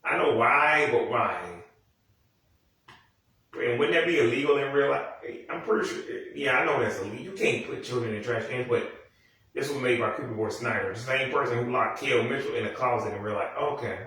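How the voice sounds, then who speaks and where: A man's voice: mid-range voice, brisk, sharp tone. A man in his early thirties casually recapping old TV episodes, rambling and profane, full of asides and restarts. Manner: rambling, meandering, profane, frequent "anywho" asides. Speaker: show recap host. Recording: echoey room, mic far off.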